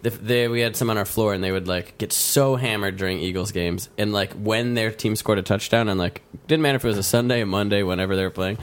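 A man's voice: lowish voice, fast talker, few pauses. Brief: young male improv host, playful and laughing. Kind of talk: improv comedy and casual chat.

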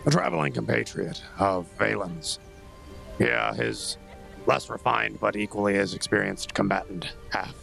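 A man's voice: fairly low pitch, a little slow, creaky, fairly bright tone, faint music behind. A man playing a tabletop game in character, teasing and playfully gallant. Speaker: player.

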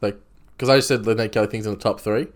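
A man's voice: on the low side, fairly even intonation, fast. A man, co-hosting a podcast in casual chat, blunt and teasing in a laid-back way. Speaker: podcast co-host.

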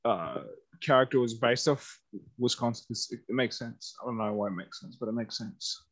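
A man's voice: medium pitch, normal speed, a bit bright, no echo. A man co-hosting a casual podcast, rambling about a movie with many fillers and restarts. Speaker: podcast co-host.

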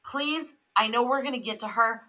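A young adult woman co-hosting a podcast in casual chat. She is animated, swears freely and laughs often. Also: fairly high pitch, moderate pace, a little hiss or hum, low-quality recording. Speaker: podcast co-host.

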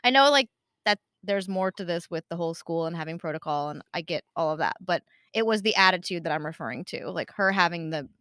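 A woman co-hosting a casual podcast, telling a story in an animated way and acting out what people said. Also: fairly low pitch, fairly quick, no room sound, studio quality. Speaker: podcast co-host. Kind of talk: casual chat.

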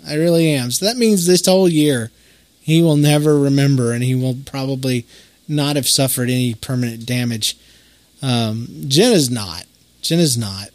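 A man's voice: mid-range voice, no echo. A middle-aged man, hosting a podcast and telling stories in a rambling, folksy way with many fillers. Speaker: podcast host. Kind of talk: casual storytelling monologue.

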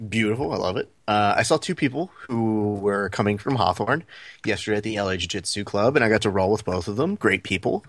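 Lively low-voiced male podcast storyteller. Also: fairly quick, no room sound. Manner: animated storyteller, acts out quoted lines. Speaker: podcast co-host. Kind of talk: casual storytelling chat.

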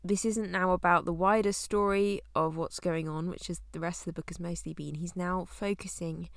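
A young woman teaching through a Bible book in a relaxed, conversational way, often laughing as she talks. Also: lowish voice, moderate pace, creaky, no echo, studio quality.

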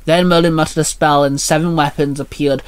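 A man reading a fan-written short story aloud in a plain, steady manner. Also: on the high side, fairly quick, clean tone.

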